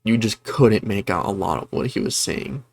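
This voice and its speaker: A man's voice: fairly low pitch, expressive, moderate pace, creaky. A man casually reviewing a horror movie, rambling with many fillers and retelling scenes with energy.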